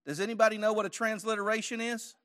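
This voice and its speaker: A man's voice: high voice, steady tone, fast, bright, forceful tone. A man teaching a church Bible study lesson, conversational, quizzing his audience with questions and joking lightly.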